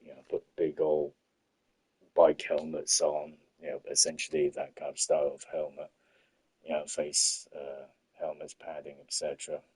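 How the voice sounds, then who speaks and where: A man's voice: rumbling low, a little mellow, husky, poor audio. A young man telling a rambling, sweary story with lots of fillers while he plays a game. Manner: rambling, sweary, many fillers like "you know" and "obviously". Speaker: gaming streamer. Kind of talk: casual storytelling while gaming.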